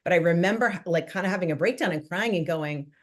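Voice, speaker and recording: A woman's voice: on the low side, fast talker. A woman guest on a podcast, an interior designer, recounting her experience in a reflective, heartfelt way. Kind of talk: casual interview chat.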